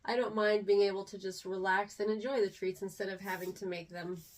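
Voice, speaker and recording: A woman's voice: medium pitch, level tone, a little fast. A woman in her forties, originally from Texas, talks casually to her viewers. She meanders through her thoughts with plenty of ums and trailing asides. Her voice sits a little back from the microphone. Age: 40s. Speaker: vlogger. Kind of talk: casual chat to camera. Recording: voice a little distant from the mic.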